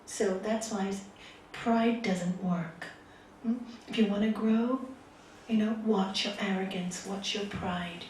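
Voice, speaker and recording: A woman spiritual teacher gives an earnest talk to a gathering in a meeting hall, asking many rhetorical questions. Her medium-pitched, darkish voice takes things slowly. She's recorded from far off in the echoey hall, with slight background noise.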